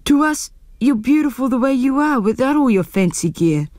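A wise rimu tree who speaks plainly but kindly, read by a woman. Her New is mellow and close, with a dry, even storybook tone. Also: high-pitched, moderate pace, no echo, voice pushed up. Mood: firm. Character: wise old rimu tree, kind and blunt. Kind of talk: storybook reading.

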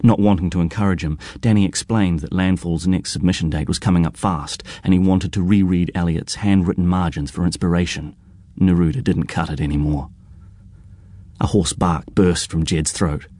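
A man reading a novel aloud in a measured, even storytelling voice. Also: low voice, no room sound, studio quality. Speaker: audiobook narrator. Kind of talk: scripted narration.

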